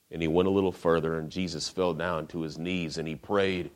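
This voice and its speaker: Low-voiced male preacher, casual storyteller who asks his listeners questions. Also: fairly even intonation, a little fast, few pauses. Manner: storytelling, rhetorical questions, casual modern phrasing. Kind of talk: sermon.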